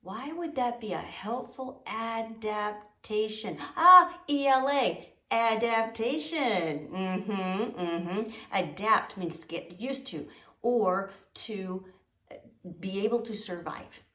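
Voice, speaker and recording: A woman giving a lively, playful wildlife lesson to a classroom. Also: mid-range voice, slow. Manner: animated, playful, teasing. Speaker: wildlife educator. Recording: echoey room, mic at a distance.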